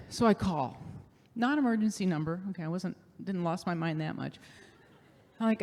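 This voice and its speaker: A woman's voice: mid-range voice, moderate pace, a little mellow. A middle-aged woman telling a humorous personal story on stage, self-deprecating and chatty with many fillers. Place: showcase stage. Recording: long hall reverb.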